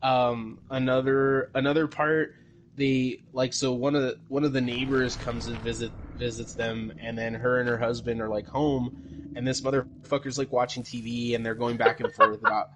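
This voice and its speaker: A man's voice: medium pitch, little pitch movement, moderate pace, a bit bright, a little hiss or hum. Rambling, laughing man recapping a movie. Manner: rambling with many fillers, swearing and laughing. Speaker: podcast co-host. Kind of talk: casual chat, recapping a movie.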